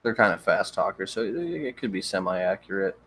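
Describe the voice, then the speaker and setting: A young man hosting a livestream, chatting casually with viewers in a relaxed, rambling way with frequent stammered restarts. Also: deep voice, normal speed, slightly rough. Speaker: livestream host. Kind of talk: casual chat reading viewer comments.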